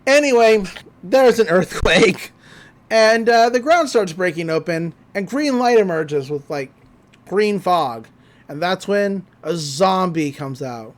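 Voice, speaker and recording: Podcast host: animated, laughing storyteller, lively pitch. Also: takes it slowly. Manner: animated storytelling, laughs often, slips into character voices. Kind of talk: casual episode recap.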